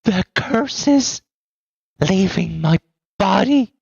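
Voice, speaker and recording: A game master voicing a deranged, weeping woman who shrieks and raves in a high, far-off voice. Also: animated, drawn-out words, vocal fry, a little mellow, husky, dry recording, muffled recording, full character voice. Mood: raving. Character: deranged weeping woman, grief-mad and frantic.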